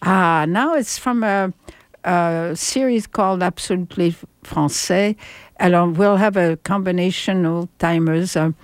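A woman's voice: lowish voice, a little slow, dry recording. An older woman with a French accent hosting a radio show from a studio, chatting casually with many fillers and restarts. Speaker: radio host.

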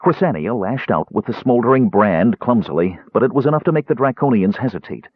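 A man reading a fantasy novel aloud in an expressive, dramatic narration. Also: medium pitch, brisk, husky, dry recording. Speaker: audiobook narrator. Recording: tinny narrow-band dry recording.

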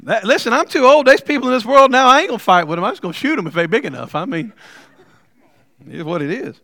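A middle-aged man preaching a sermon, telling stories with humor and building to loud, emphatic points. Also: extremely high pitch, animated, fast talker, gravelly, dry recording. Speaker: pastor.

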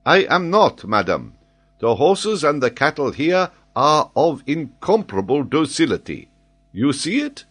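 A man's voice: a little high, big pitch swings, a little slow, a bit bright, breathy edge, pitched above the performer's own voice, heavily acted. A man doing a fiery French scholar. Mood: vehement. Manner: vehement, emphatic, eager to astonish. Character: excitable, impetuous middle-aged French male scholar.

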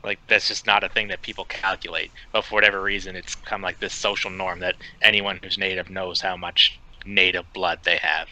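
A man co-hosting a film podcast, reading out his notes in a profane, deadpan way. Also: deep voice, a little fast, hardly any pauses, low-quality recording. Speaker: podcast co-host reviewing a film.

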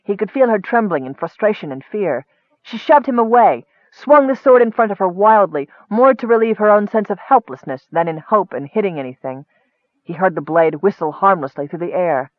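A man giving steady, expressive scripted narration of a fantasy novel. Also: sits high, moderate pace, no room sound. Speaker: audiobook narrator. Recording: tinny phone-like dry sound.

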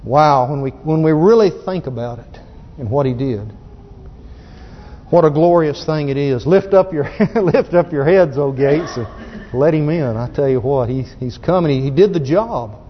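A high-voiced man preaches with folksy fervor, often restarting his sentences. His voice rings through a long reverberant hall, and the recording is dull and muffled. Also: moderate pace, a little hiss or hum. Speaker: pastor. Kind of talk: sermon.

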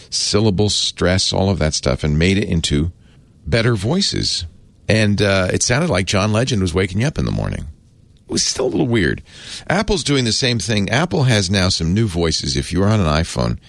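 A man's voice: low-pitched, gravelly, fairly bright tone, no echo. A man hosting a casual explainer, talking in a chatty, wry way that often trails off and restarts. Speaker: host explaining a word of the day.

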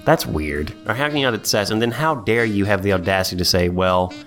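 A man's voice: lowish voice, brisk, fairly bright tone, faint music behind. A man co-hosting a podcast, chiming in with wry comments in casual chat. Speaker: podcast co-host.

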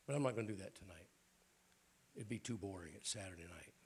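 A man, a bishop, preaching a sermon at a church prayer night in a raspy voice with folksy jokes and frequent throat clearing. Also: sits low, fast talker. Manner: folksy, joking preacher talk.

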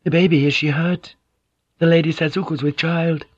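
A man reading an audiobook, voicing a composed young noblewoman who interprets, with measured, polite speech. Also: on the high side, fairly even intonation, slightly rough, no echo, voice pushed up. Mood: explaining. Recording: dull, dry audiobook tape.

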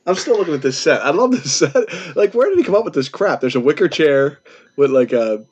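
A man's voice: fairly high pitch, sing-song, brisk, darkish tone, husky. A man co-hosting a podcast in casual chat, easygoing and chuckling often. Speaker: podcast co-host. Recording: dull lo-fi podcast audio.

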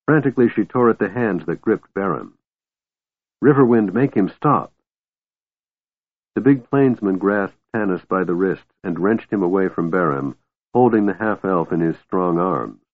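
A man narrates an audiobook at a measured storytelling pace. His voice sits very low. The sound is narrow and phone-like, and completely dry. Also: no echo. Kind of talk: scripted narration. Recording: thin phone-like dry recording.

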